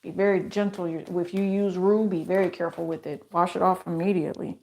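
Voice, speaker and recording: A woman's voice: fairly low pitch, steady tone, fast, gravelly, darkish tone. A woman giving a tarot reading who talks straight to her viewers in a chatty, emphatic way, repeating phrases and tossing in rhetorical questions. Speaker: tarot reader. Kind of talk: solo tarot reading to camera.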